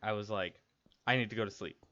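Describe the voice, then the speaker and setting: A young streamer rushes through a casual personal story while gaming, rambling candidly and restarting many times. His voice is on the low side, quick, pushed and bright, over dull lo-fi audio with faint noise.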